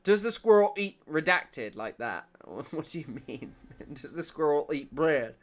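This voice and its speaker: A man's voice: fairly high pitch, big pitch swings, unhurried. A man doing casual livestream news commentary, rambling and jokey, laughing often and reading chat comments aloud.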